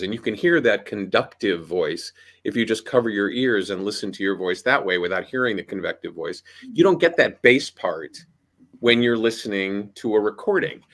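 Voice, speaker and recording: A man talking on a video call, giving emphatic, punchy coaching advice in an animated panel chat. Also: on the low side. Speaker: voiceover artist and audiobook coach.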